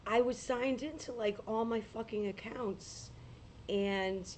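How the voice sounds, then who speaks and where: A woman with a hoarse, gravelly voice, chatting casually and rambling with laughs as she hosts a paranormal livestream from home on a laptop mic. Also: medium pitch, moderate pace, darkish tone, a little hiss or hum. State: hoarse, losing her voice.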